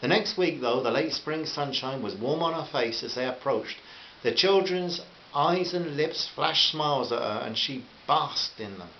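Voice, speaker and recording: A man reading a short story aloud in a gentle, friendly way, addressing listeners as friends. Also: medium pitch, expressive, a little slow. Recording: muffled roomy recording with faint hiss.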